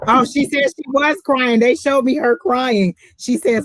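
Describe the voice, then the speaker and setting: A woman hosting a live tarot reading, chatting in an emphatic, repetitive way. Her voice sits fairly high for a speaker of her pitch range and is recorded close and dry, with no room sound. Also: unhurried, no room sound. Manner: chatty, emphatic, repeats herself. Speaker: tarot reader host. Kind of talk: casual live-stream reading.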